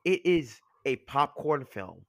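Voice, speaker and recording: A man's voice: medium pitch, sing-song, slow pace, dry recording, studio quality. A young man co-hosting a podcast, talking casually with lots of fillers, his voice still cracking as he gets over an illness. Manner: rambling, lots of "like" and restarts. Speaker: podcast co-host. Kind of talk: casual chat.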